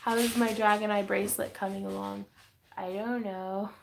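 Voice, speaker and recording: A woman's voice: mid-range voice, little pitch movement, moderate pace, creaky, background noise. A young woman hosting a casual craft livestream, reading viewer comments and chatting with giggles and fillers. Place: home craft room.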